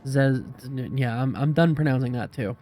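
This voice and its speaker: A man hosting a game playthrough, reading the text aloud with relaxed, self-mocking asides. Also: mid-range voice, unhurried, soft background music. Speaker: let's play host. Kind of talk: casual game narration and commentary.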